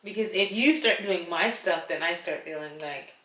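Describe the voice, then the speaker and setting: Bright, animated woman, echoey room. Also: fairly low pitch, moderate pace, far from the mic. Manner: animated and chatty, laughs often. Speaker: co-host. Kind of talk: casual conversation. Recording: echoey room, a little off-mic.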